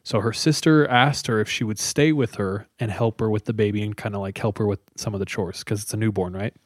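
A man's voice: fairly low pitch, fairly even intonation, brisk, no room sound, studio quality. A man casually retelling a scary story to friends, chatty and loose, with lots of fillers. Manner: conversational, loose with many fillers.

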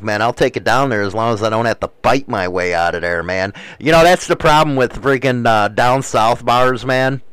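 Male host, casual rambling talk, rough language, smooth clear voice, dry close sound. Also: mid-range voice, no room sound, low-quality recording. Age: adult, married. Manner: rambling, profane, many fillers and "man".

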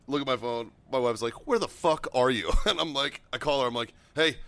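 A married man co-hosting a podcast, telling stories in lively casual chat with frequent laughter. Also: mid-range voice, fairly quick, no echo. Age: adult, married. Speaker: podcast co-host.

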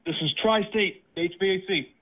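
A man's voice: high voice, moderate pace. A man making prank phone calls, profane and aggressive, over a phone line. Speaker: prank caller.

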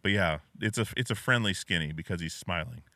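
A man's voice: low-pitched, fairly quick, pushed and bright, no room sound. A man hosting a podcast, chatting casually and telling anecdotes. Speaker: podcast host. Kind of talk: casual chat.

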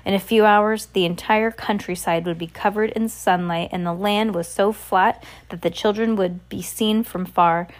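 A woman's voice: mid-range voice, fairly even intonation, moderate pace, hardly any pauses. A woman reading a novel aloud in a casual way, with small slips and restarts. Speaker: reader.

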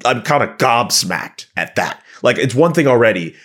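A man's voice: mid-range voice, lively intonation, normal speed, a bit bright, breathy edge. A man speaking as a panelist in a heated discussion, talking in an impassioned, worked-up way. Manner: impassioned, fired up.

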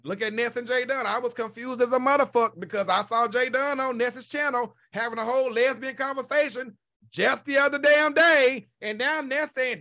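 Podcast host, male, very high bright voice, blunt profane rant. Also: fairly even intonation, moderate pace. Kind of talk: casual chat rant.

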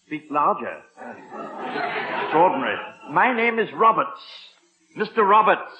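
An actor with an English accent playing a nervous, prim butler who stammers and chuckles to himself. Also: male voice, high voice, big pitch swings, a little slow, background noise. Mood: flustered. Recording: dull old radio recording.

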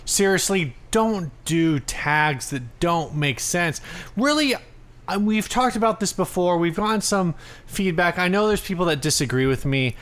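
A man's voice: sits high, expressive, measured pace, fairly bright tone. A young man co-hosting a podcast after a few drinks, joking around and breathing hard into the mic. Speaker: podcast co-host. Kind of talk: casual chat.

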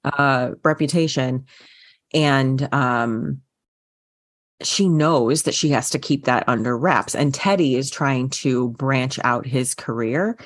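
With a bass voice and a slow delivery, a woman co-hosts a book podcast. She chats casually about books, with frequent fillers and restarts.

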